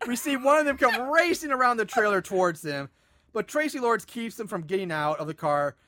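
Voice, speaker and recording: High bright-voiced man recapping a movie. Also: brisk, dry recording, clean studio sound. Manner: animated, sarcastic, swears freely. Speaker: podcast host recapping a movie. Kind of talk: casual comedic movie recap.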